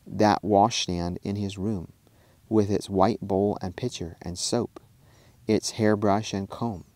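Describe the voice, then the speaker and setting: A man, a minister, reading an old-fashioned storybook aloud in a steady, plain way. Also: on the low side, dry recording.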